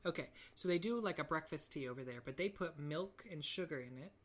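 A woman's voice: sits low, expressive, brisk. A young woman co-hosting a podcast, chatting casually and joking around with a giggly manner. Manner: giggly, joking, breaks into silly accents. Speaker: podcast co-host. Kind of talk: casual chat.

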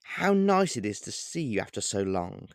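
A man putting on a snooty high-voiced vampire. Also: big pitch swings, no echo, clean studio sound. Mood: smug. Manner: snooty, drawn-out, pitched-up delivery. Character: snooty, smug male vampire, former butler. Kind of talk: audiobook character voice.

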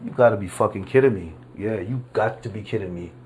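A man hosting his own podcast, delivering an angry, profane political rant, often repeating himself and answering his own points with "yeah", dropping to a mutter and then surging louder. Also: fast talker, a little hiss or hum. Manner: swings from muttering low to loud outbursts. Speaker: podcast host.

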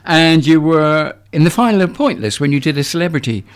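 A man's voice: a little high, expressive, a little fast. A man hosting a local radio interview, prompting his guest with shared memories. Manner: chatty, prompting with reminders. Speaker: radio presenter.

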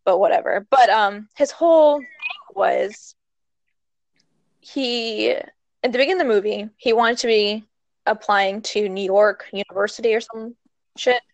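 A young woman casually recapping a movie plot, rambling and expressive, with lots of fillers. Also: on the high side, unhurried, long pauses, no room sound. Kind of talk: casual chat.

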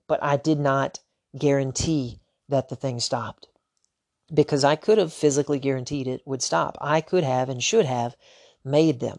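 A man's voice: fairly high pitch, vocal fry, a little mellow, dry recording, clean studio sound. A man, hosting a solo podcast and telling a personal story with rhetorical questions. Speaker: podcast host.

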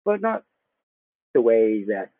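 A man's voice: medium pitch, sing-song, takes it slowly, dry recording. A man hosting a casual conversation, talkative, repeating his words and laughing often. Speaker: podcast host. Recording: tinny phone-line sound.

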